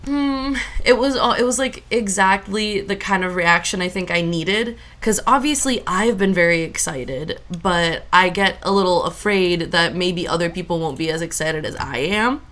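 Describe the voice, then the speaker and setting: A woman's voice: lowish voice, moderate pace, hardly any pauses, a bit bright. A young adult woman streaming a farming game, chatting casually in a rambling way with lots of fillers.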